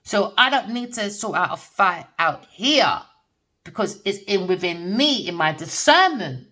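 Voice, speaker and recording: Blunt and profane, a middle-aged tarot reader drifts through a spiritual reading, often dissolving into laughter. Her mid-range voice is sing-song and sharp in tone, with a measured pace, and it sounds distant from the microphone.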